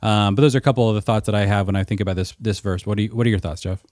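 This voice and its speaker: A man's voice: on the low side, steady tone, racing, darkish tone, no echo, clean studio sound. A man co-hosting a podcast, explaining at length in an earnest, casual discussion. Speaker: podcast co-host and mentor.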